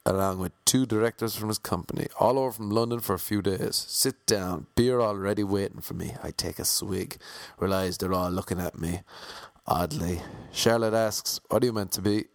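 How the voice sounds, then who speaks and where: An Irish man narrates a comic travel story, slipping in wry, deadpan asides. His voice sits fairly low, and the recording is close and completely dry, with no trace of the room. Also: normal speed, vocal fry, no echo. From Ireland.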